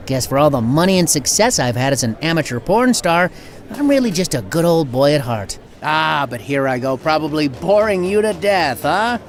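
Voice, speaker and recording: An actor with a Southern American accent playing a bombastic, folksy country music promoter who swings from ranting to sheepish. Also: male voice, a little high, big pitch swings, normal speed, a crowd in the background. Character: blustering Southern good-old-boy promoter, middle-aged man. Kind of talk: video game voice acting.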